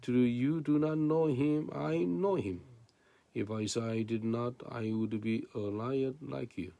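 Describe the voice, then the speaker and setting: A man's voice: mid-range voice, a little slow, vocal fry, warm tone, no echo, muffled recording. A man preaching a sermon in non-native English, reading scripture and then explaining it with rhetorical questions.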